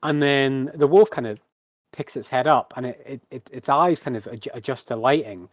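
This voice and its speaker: A man narrating a tabletop game as game master, halting and full of fillers. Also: mid-range voice, dry recording.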